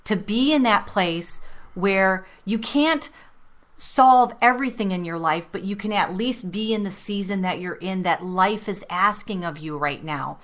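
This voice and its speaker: A woman's voice: mid-range voice, unhurried, a bit bright. A woman co-hosting a self-help talk show, speaking earnestly and reflectively and addressing listeners directly. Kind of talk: motivational talk radio chat.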